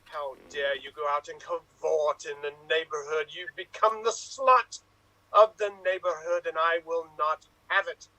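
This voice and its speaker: A villainous cat lady, played by a man, purring and cooing in a slow, grand, menacing voice. The tone is bright and a little high, close and dry to the mic. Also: steady tone, dry recording, low-quality recording. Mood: purring menace. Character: theatrical villainous woman doting on her cat.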